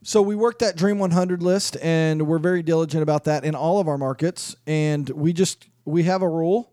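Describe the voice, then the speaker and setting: A man's voice: a little high, moderate pace, mellow, no echo. A man who runs a mortgage business, speaking as a guest on a radio talk show in a casual, plainspoken way and laughing easily, on a studio microphone.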